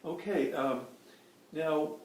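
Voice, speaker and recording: A male interviewer gently prompting an oral history interview with questions, using occasional fillers. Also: a little high, slow. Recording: roomy recording with faint ambience.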